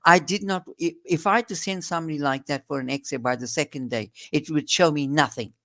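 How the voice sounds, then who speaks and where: A man's voice: on the high side, a little fast, fairly bright tone. A man with a South African accent, a doctor explaining in an interview, earnest and emphatic, often restarting his sentences.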